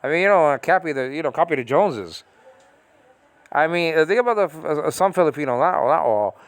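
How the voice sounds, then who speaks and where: American man, casual rant, exasperated, pitched a bit high, dry close sound. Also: expressive, a little fast, no room sound. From United States. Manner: exasperated, repetitive, lots of fillers and restarts. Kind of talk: casual ranting monologue. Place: small room at home.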